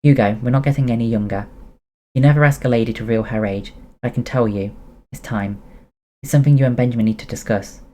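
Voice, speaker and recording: A man's voice: medium pitch, fast, natural voice. A man reading aloud, voicing a brash, oversharing French woman who runs a café, with a French accent. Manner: loud, teasing, dramatic.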